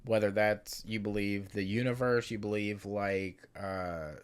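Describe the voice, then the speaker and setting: A man's voice: fairly low pitch, fairly even intonation, unhurried, smooth. A man hosting a podcast, musing in a loose, reflective way with plenty of "like". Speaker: podcast host. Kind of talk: casual podcast conversation.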